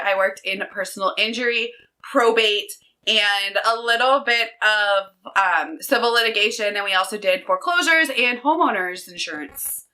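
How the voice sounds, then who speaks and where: An energetic woman in her thirties talks to camera in a casual vlog. Her voice is bright and a little high, and she chats in a lively, upbeat way. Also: low-quality recording. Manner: chatty, energetic, upbeat storytelling. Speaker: book vlogger. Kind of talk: casual chat.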